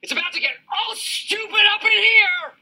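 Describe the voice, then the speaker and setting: A blustering, bossy office boss. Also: male voice, very high voice, moderate pace, very noisy. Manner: bossy, working himself up into swagger. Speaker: office boss in a TV comedy clip.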